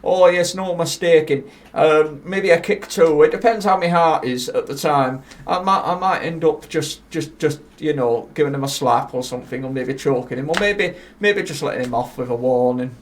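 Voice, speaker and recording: A man's voice: fairly high pitch, moderate pace, hardly any pauses, lightly acted. A man playing a brash, hot-headed dating-show contestant who rambles with comic bluster. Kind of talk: comedic improvised dating game.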